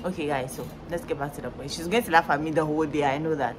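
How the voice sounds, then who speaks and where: A young woman, loud and playful in casual chat. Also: deep voice, fast, noisy background. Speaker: guest co-host.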